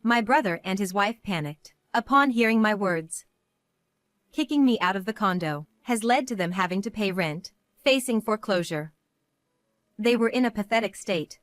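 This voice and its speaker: A woman in her thirties telling a first-person family drama story in a steady, matter-of-fact way. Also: medium pitch, moderate pace, dry recording. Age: 30s. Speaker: narrator.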